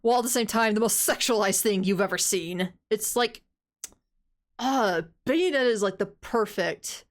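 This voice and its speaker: A woman's voice: medium pitch, moderate pace. Giggly, rambling young woman streamer. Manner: rambling, giggly, lots of fillers. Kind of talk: casual gaming commentary.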